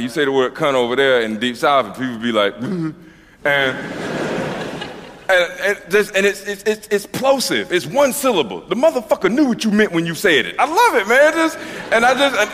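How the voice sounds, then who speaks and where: A man's voice: high voice, brisk, in a large hall, slight background noise. A middle-aged man from Georgia with a Southern US accent, telling a loose, profane stand-up story on stage. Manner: loose, profane, animated, acts out voices. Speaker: stand-up comedian.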